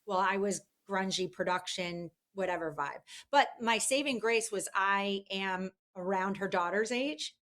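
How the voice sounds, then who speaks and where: A woman's voice: mid-range voice, unhurried, few pauses. Chatty woman telling a story. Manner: chatty, animated, many fillers. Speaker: guest, publicist. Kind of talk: casual interview storytelling.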